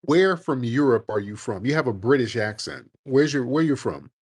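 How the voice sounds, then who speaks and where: Brief: man, call-in show host, blunt, combative, profane, mid pitch. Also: animated, moderate pace, darkish tone, breathy edge. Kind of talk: heated live call-in debate.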